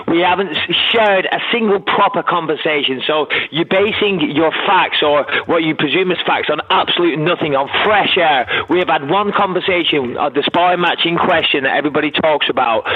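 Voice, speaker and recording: A man's voice: fairly high pitch, a little fast, few pauses, slight background noise. A man in his thirties on a media conference call, blunt and combative, swearing freely. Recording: tinny phone line.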